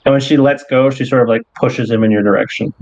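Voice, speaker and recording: A man runs a tabletop game, narrating in a loose, unhurried way full of "like" and small restarts. His voice sits in a middle pitch. The recording is dry and somewhat dull. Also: fairly even intonation, a little mellow, no room sound. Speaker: game master.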